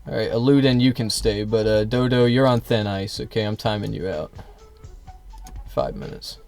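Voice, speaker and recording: A man's voice: fairly low pitch, moderate pace, vocal fry, a little mellow, soft background music. A man streaming live, arguing with his chat in a combative, sarcastic, profane way. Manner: sarcastic, mocking. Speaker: livestreamer.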